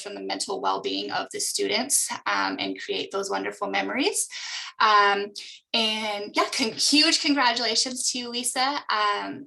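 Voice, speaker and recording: A woman's voice: medium pitch, creaky, pushed and bright, rough recording. A woman presenting an online awards ceremony on a video call, enthusiastic and full of fillers.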